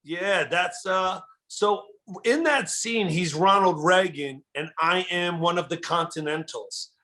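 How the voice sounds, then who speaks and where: Male comedian guest, lively storyteller with a fairly high voice. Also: takes it slowly. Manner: animated, enthusiastic, says dude a lot. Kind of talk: casual storytelling chat.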